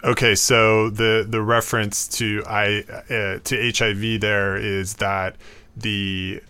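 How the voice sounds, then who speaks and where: A man giving explanatory commentary, talking in a thoughtful, halting way with frequent fillers and restarts. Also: lowish voice, little pitch movement, pushed and bright, smooth.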